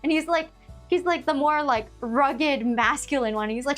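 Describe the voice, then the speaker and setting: Young female streamer, high voice, giggly rambling casual chat, faint music bed. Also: moderate pace. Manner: giggly, rambling, with many fillers and restarts.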